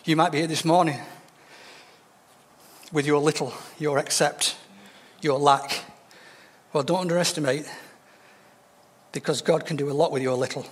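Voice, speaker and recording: High-voiced preacher in a reverberant hall. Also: male voice, normal speed, long pauses. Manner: storytelling, voices quoted figures with shifts in pitch. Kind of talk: sermon.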